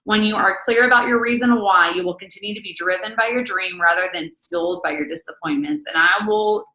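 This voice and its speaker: A woman's voice: mid-range voice, brisk, pushed and bright, roomy sound, rough recording. A woman in her thirties leading a casual book-study talk, blunt and matter-of-fact. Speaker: team leader hosting a book study.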